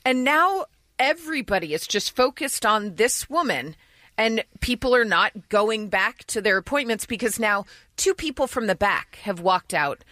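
A woman tells a story with animated, sarcastic energy. Her voice sits a little high and comes across bright and forceful. The recording is close and dry, with no room sound. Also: moderate pace, no echo. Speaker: storyteller on a comedy panel podcast. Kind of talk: casual chat.

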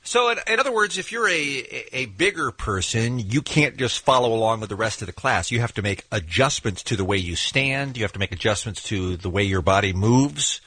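A man hosting morning radio, talking in lively, joking banter. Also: fairly low pitch, fairly quick, few pauses, husky, soft background music. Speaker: radio host.

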